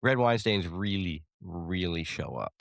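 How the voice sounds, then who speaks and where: A man co-hosting a casual chat show, teasing and retelling a story with animated energy. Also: deep voice, unhurried, vocal fry, no echo. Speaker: podcast co-host.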